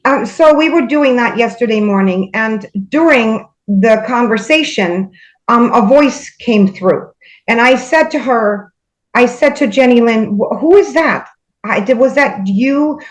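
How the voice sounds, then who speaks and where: A woman guest recounting spiritual experiences in casual conversation, hesitant with many fillers and pauses. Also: fairly high pitch, low-quality recording.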